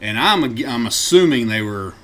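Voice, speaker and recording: Speaking at a normal speed in a mid-range voice, this podcast co-host spins a road-trip tale during a relaxed conversation. He laughs a lot and performs the quoted lines at full volume.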